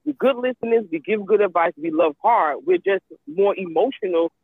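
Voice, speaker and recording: A woman's voice: mid-range voice, moderate pace, breathy edge, no echo. A woman in casual chat who talks emphatically, repeats herself, and swears freely. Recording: tinny phone-like line.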